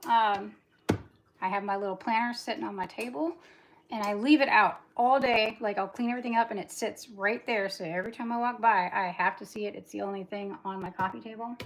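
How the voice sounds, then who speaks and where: A woman in her forties, voice at medium pitch with a slight hiss or hum, hosts a casual livestream. She talks fast and rambles on while washing dishes and cleaning.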